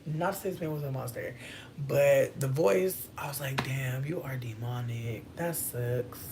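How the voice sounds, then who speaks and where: Profane, animated vlogger storytelling. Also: a little slow, creaky, background noise. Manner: profane slangy storytelling, leaps into high exclamations. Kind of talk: casual stream-of-consciousness chat.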